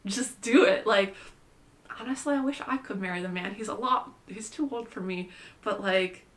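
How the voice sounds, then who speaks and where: A woman's voice: mid-range voice, moderate pace, fairly bright tone. A young adult woman vlogging in a casual, rambling monologue, chatty and irreverent, filling her talk with "like.". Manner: chatty, says "like" constantly, playful and irreverent.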